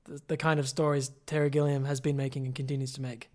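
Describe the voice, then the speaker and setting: A man's voice: medium pitch, little pitch movement, fast talker, a little mellow. A man co-hosting a podcast, musing and rambling in casual chat. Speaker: podcast co-host.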